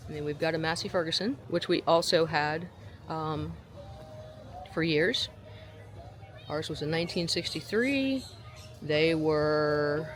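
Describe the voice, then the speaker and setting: A woman, chatting casually as she films her visit to a farm, often breaking into a high, gushing voice at the animals. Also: noisy background. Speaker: vlogger. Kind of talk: casual outdoor vlog narration. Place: outdoor farm attraction. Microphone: handheld camera mic.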